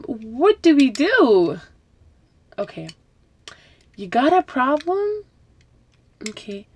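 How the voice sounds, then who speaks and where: Woman doing a chatty religious talk, bit high voiced, lots of asides and questions to viewers. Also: a little mellow. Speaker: host of an Islamic talk broadcast. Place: home, packing up with rustling noise.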